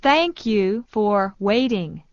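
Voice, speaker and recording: Very slow woman reading English phrases. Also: medium pitch, no echo. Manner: slow, even repetition of each phrase. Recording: dull dry studio sound.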